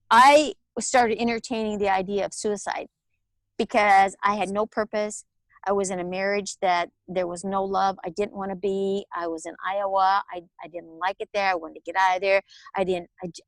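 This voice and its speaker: A woman, telling her personal story as an interview guest in a candid, animated way. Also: medium pitch, normal speed, dry recording. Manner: candid, animated storytelling with laughs and acted-out quotes. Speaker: guest, author and alternative healer.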